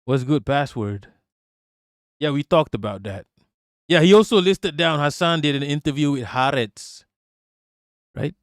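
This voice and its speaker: A man's voice: fairly high pitch, expressive, unhurried, pauses often, no echo, clean studio sound. Profane ranting man. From Malaysia. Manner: profane, mocking, indignant. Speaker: streamer. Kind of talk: live-stream commentary rant.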